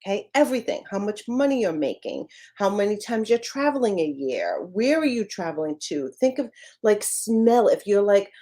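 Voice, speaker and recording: A middle-aged woman coaching her listeners with lively, emphatic energy, her voice sitting at a middle pitch. She talks casually and swears now and then, pushing them to act. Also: moderate pace. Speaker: business coach. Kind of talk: motivational coaching talk.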